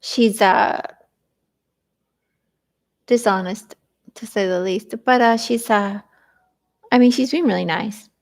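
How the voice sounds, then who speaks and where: A woman's voice: mid-range voice, slow pace, gravelly, pauses often. A woman vlogging in a rambling, hesitant way, full of fillers, venting about family troubles. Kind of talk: rambling personal vlog.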